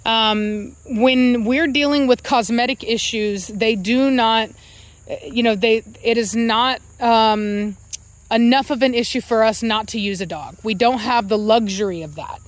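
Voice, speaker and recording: A woman with a drawl talks casually to her viewers, pitched a little high. She rambles and corrects herself as she goes. Dogs can be heard around her. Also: unhurried, no echo. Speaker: dog breeder and channel host. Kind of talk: casual vlog talk to viewers.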